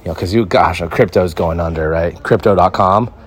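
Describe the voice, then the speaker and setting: His low-pitched voice is slightly rough and moves at a moderate pace. A young man hosting a solo podcast outdoors in a backyard, he chats into a phone in a rambling, easygoing way, full of "like" and "right?".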